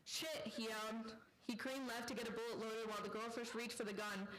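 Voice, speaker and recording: A woman author reading her own fiction aloud at a live literary event, in a deadpan storytelling manner. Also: fairly high pitch, quick pace, rough recording.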